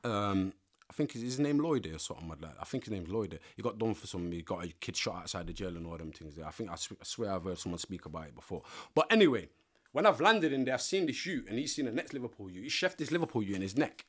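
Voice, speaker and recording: Animated man telling stories. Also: fairly low pitch, fast. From Nottingham, England. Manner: animated, slang-heavy, acts out quoted voices. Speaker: podcast guest. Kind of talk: casual storytelling.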